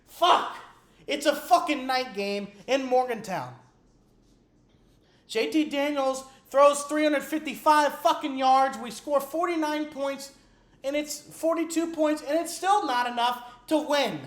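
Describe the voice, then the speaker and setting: A woman's voice: high voice, slow pace. A woman sports fan at home, delivering a furious, profanity-laden rant that keeps repeating itself. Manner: furious, profane, repetitive ranting. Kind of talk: angry rant to camera. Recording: echoey room.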